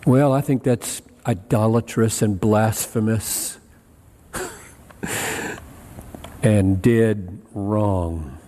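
A man's voice: lowish voice, fairly even intonation, extremely slow, long pauses, dark tone. A man preaching a sermon, emphatic, repeating key phrases and quoting scripture. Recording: long reverb of a large hall.

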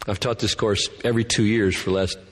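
A man's voice: lowish voice, fairly even intonation, quick pace, in a large hall. A man giving a Bible lecture to a class, thinking aloud and earnestly repeating key words. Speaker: Bible teacher.

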